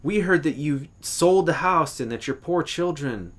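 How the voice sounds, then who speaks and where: A man's voice: a little high, lively intonation, a little slow, pitched above the performer's own voice. A man reading the lines of a serene, wealthy elderly woman who speaks with sighing, melancholy sympathy, in a story reading. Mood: sorrowful.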